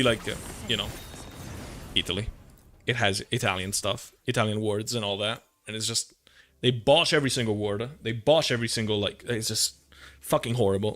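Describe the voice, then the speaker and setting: A man's voice: medium pitch, a little fast, fairly bright tone. A man streaming a game, chatting casually to his viewers, swearing often and ranting with lots of fillers. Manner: talks to chat while playing. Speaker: gaming streamer. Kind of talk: casual live-stream commentary.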